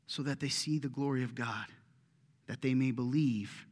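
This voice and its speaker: A man's voice: medium pitch, moderate pace. A middle-aged man preaching a sermon as a pastor, conversational and impassioned, acting out prayers and complaints aloud.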